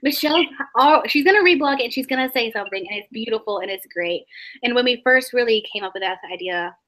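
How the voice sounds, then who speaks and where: A woman's voice: fairly high pitch, animated, quick pace, fairly bright tone. A woman in her twenties co-hosting a casual live stream, rambling and scattered as she introduces a guest. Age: 20s. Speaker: co-host.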